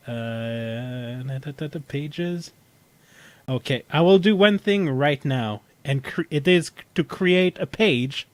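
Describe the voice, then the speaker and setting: A man co-hosting a casual podcast chat, animated and laughing often while he thinks aloud. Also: medium pitch, no room sound. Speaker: podcast co-host.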